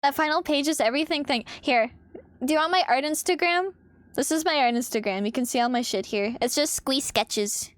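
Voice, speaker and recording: A young woman chatting casually on her art stream, animated and expressive, swearing freely. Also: high voice, a little fast, dry recording, studio quality.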